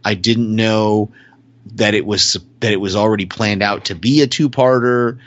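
A man's voice: lowish voice, normal speed. A man hosting a casual chat, rambling and restarting his sentences as he animatedly retells scenes. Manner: rambling, self-correcting, animated storytelling. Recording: dull lo-fi dry audio.

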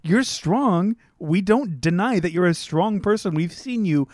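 A podcast co-host talking casually, exasperated and animated, swearing now and then. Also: mid-range voice, measured pace, no room sound, clean studio sound. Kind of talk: casual chat.

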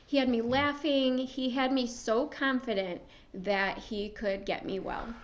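Lively, frank woman with a high voice. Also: a little slow, highs cut off. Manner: lively, frank, laughs often. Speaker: podcast guest. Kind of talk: casual interview chat.

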